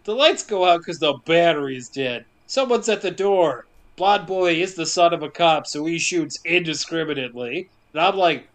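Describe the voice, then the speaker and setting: A man casually recapping a movie for a podcast, telling it with jokes and quick asides. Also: fairly high pitch. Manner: joking, animated storytelling with quick asides.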